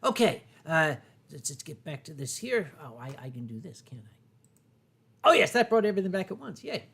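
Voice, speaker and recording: High-voiced tipsy male stream host. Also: sing-song, fast talker, creaky, fairly bright tone, breathy edge. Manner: reads viewer chat and donations aloud, chuckling often. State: tipsy from drinking sake. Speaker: livestream host. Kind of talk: casual chat.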